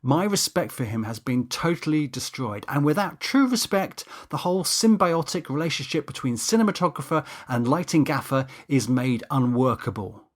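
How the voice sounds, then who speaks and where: A man's voice: a little high, lively intonation, moderate pace, few pauses, natural voice. A man voicing a pompous, touchy cinematographer who lectures in stiff, formal words. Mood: indignant.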